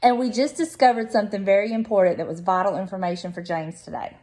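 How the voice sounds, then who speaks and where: A woman's voice: medium pitch, steady tone, fast talker, warm tone. Chatty Southern woman vlogging at home. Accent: Southern American. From Southern United States. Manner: chatty and teasing, laughs often. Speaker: lifestyle vlogger. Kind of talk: casual chat to camera.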